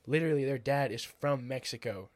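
A man's voice: medium pitch, fairly quick, dry recording, studio quality. A man from the United States in casual podcast chat, rambling and crude, laughing often. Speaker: podcast host.

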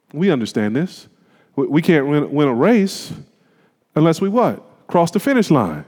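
Animated preacher in a long-echo hall. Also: male voice, on the high side, moderate pace. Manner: emphatic, colloquial, rhetorical questions to the congregation. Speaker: pastor. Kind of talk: sermon.

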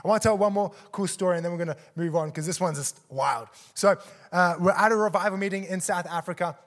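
A guest preacher with a high voice tells a story during a church service sermon, speaking fast and with great energy. He acts out the people in it, quoting them with gasps and laughter.

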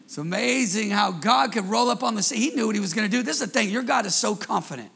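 A man preaching a sermon as pastor, leading call-and-response with the congregation and swinging between quiet asides and shouted passages. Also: high-pitched, animated, quick pace, vocal fry, husky.

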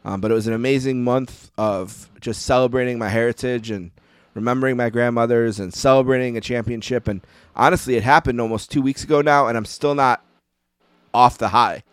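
A man in his forties, co-hosting a podcast, telling a personal story in a relaxed, reflective way. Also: mid-range voice, brisk, smooth, no room sound. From United States. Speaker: podcast co-host. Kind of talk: casual podcast chat.

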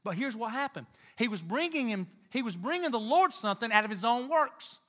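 A man preaching a sermon in church, talking to the congregation with emphatic, animated delivery and Southern turns of phrase. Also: extremely high pitch, brisk. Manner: animated, emphatic, rising to near-shouts.

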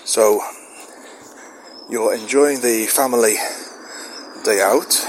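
A man's voice: on the low side, slow. A middle-aged man musing aloud in a rambling, self-questioning solo monologue, recorded outside in the wind. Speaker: podcast host. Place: outdoors in the wind.

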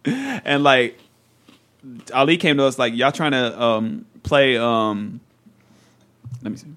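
A man's voice: mid-range voice, expressive, slow pace, fairly bright tone. A young man, telling loose, profane stories in a casual podcast chat. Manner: loose, profane storytelling with laughs.

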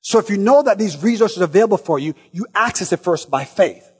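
A male preacher with a high, husky voice delivers a passionate sermon, swinging from shouted lines to soft asides and calling out to his listeners. His voice rings with a long reverb from a large church hall. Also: expressive, quick pace.

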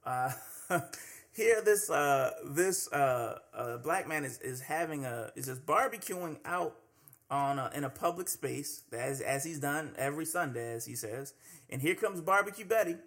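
A man's voice: fairly high pitch, expressive, unhurried, fairly bright tone. A man hosting a solo commentary podcast, talking conversationally with many fillers and restarts. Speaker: podcast host.

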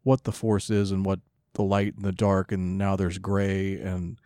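A man with a fairly low voice co-hosting a podcast, recorded close and dry. He rambles in a laid-back way and laughs mid-sentence. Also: monotone, a little slow, warm tone, dry recording. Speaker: podcast co-host. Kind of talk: casual podcast banter.

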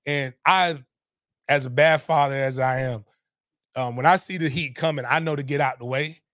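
A middle-aged man, telling a story in animated, profane casual talk on a podcast. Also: mid-range voice, normal speed, no echo, clean studio sound.

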